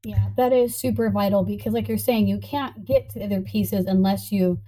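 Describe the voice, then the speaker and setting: A woman in a casual conversation, animated and laughing often, slipping into playful voices when quoting herself. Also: mid-range voice, brisk, poor audio.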